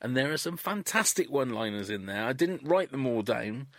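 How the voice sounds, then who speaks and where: A man's voice: mid-range voice, big pitch swings, a little fast, a bit bright, dry recording. A man chatting casually as a podcast co-host, recounting scenes and acting out lines from a comedy episode. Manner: recounts scenes, quoting lines in playful put-on voices.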